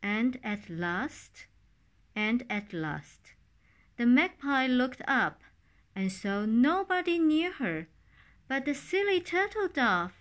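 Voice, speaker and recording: A woman reading a children's story aloud in a calm, unhurried storybook manner. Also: on the high side.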